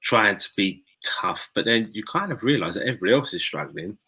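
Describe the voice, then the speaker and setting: A man's voice: fairly low pitch, animated, a little fast, a crowd in the background. A man hosting a casual chat, encouraging and rambling with restarts. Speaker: host.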